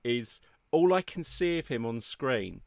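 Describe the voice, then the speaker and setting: A man's voice: medium pitch, big pitch swings, a little slow, vocal fry, no echo, clean studio sound. A man with an English accent hosting a podcast, joking and chatting in a rambling, friendly way. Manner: warm, joking, rambling with restarts. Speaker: podcast host. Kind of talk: casual chat.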